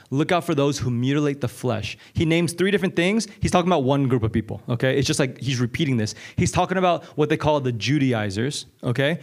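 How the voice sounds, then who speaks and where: A pastor with a mid-range voice delivers a conversational Bible-teaching sermon. He is energetic, repeats lines for emphasis, and keeps checking in with "okay?" and "right?"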